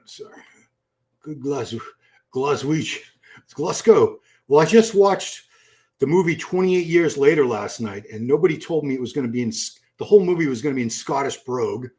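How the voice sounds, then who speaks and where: Middle-aged male streamer, relaxed off-the-cuff commentary, reacts to chat as he goes. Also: mid-range voice. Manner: chatty, thinks aloud, reacts to chat. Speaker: livestream host. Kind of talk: casual live-stream commentary. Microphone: computer mic for live stream.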